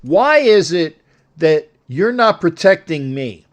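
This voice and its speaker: A man's voice: on the high side, sing-song, slow pace. An older man hosting a sports show, rambling and joking with callers in a casual live-stream chat.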